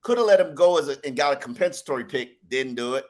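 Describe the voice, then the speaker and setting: A man's voice: medium pitch, animated, fast, a little mellow. A man on a sports podcast ranting in an exasperated way, repeating words as he gets worked up. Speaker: podcast columnist. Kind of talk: heated sports podcast rant.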